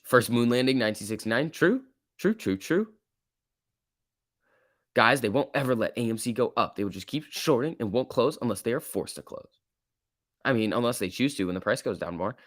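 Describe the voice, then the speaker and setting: A man at a middle pitch hosts a casual stock-market livestream, reading viewer chat and ranting bluntly with plenty of filler words. His voice sounds dry and close, with no room echo. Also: fast, fairly bright tone.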